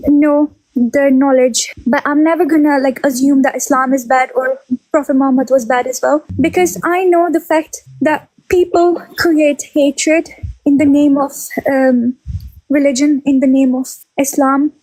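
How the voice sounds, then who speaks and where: A woman's voice: high voice, steady tone, normal speed, darkish tone, no echo, rough recording. A young woman from Ireland in casual religious discussion, earnest and out of breath, often repeating words as she searches for phrasing. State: pregnant, out of breath. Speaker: guest.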